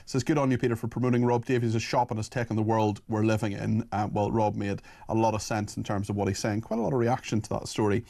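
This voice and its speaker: A man's voice: on the low side, steady tone, fast, vocal fry, hardly any pauses, warm tone. A man with a Northern Irish accent hosting a phone-in radio show, reading listener messages aloud in an earnest, apologetic way. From Northern Ireland. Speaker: radio talk show host.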